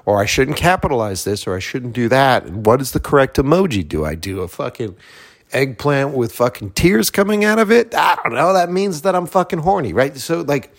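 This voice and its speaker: Animated, profane man from Boston. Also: on the high side, a little fast, gravelly. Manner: profane, animated storytelling with acted-out dialogue. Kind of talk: casual monologue.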